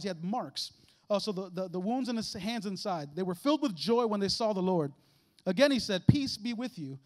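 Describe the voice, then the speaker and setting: A guest preacher delivers a lively, conversational sermon in a church sanctuary, joking with the congregation and acting out little voices along the way. His voice is animated, sitting high and bright for a man.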